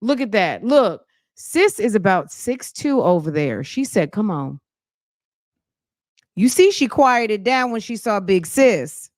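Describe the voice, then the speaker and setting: A woman's voice: medium pitch, very animated, unhurried, no echo, clean studio sound. A woman giving sassy, teasing commentary as she reacts to a video.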